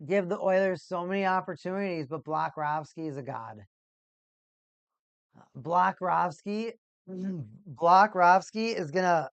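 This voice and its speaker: A livestream host giving casual play-by-play commentary on a hockey game for a watch party, an excitable talker who gets loud at big plays. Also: medium pitch, clean tone, no echo, dull audio.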